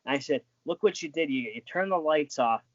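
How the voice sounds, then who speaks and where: A man's voice: on the high side, expressive, brisk, no room sound. Guy rambling through old ref stories, dry dull sound, lots of "like" and restarts. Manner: rambling, with many restarts and fillers. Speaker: interview guest, former wrestling referee. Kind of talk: casual storytelling.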